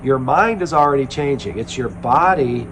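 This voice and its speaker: A man speaking as a spiritual self-help speaker, in a slow, earnest, reflective monologue with pauses and ums. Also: mid-range voice, animated, background noise.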